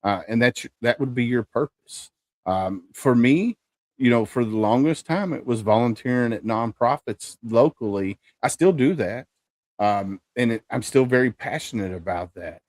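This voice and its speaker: A man's voice: mid-range voice, animated, normal speed, dry recording, studio quality. A middle-aged man hosting a podcast, upbeat and enthusiastic with his guests. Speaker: podcast host. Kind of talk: casual interview chat.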